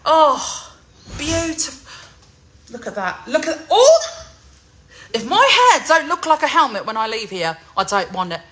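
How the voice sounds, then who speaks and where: Woman, forties, bright and lively, giddy loud salon-vlog chatter. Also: high-pitched, a little slow, long pauses, rough recording. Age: 40s. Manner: giddy, loud, laughing, swearing freely. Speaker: singer. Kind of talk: excited salon vlog chat.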